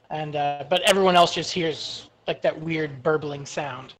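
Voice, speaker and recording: A woman runs a tabletop game as game master, narrating monster attacks in a low-pitched, steady, slow voice. Her descriptions are vivid but hesitant, full of fillers.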